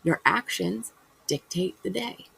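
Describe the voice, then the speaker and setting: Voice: medium pitch, expressive, takes it slowly, gravelly, pushed and bright, husky, poor audio. A vlogger talking casually to camera in a rambling spiritual monologue, acting out imagined conversations and correcting themselves as they go. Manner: loose and chatty, with fillers and self-corrections.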